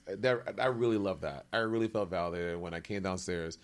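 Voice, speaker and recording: A man from New York City, a podcast guest in casual chat, telling stories in an animated, self-mocking way. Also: low-pitched, brisk.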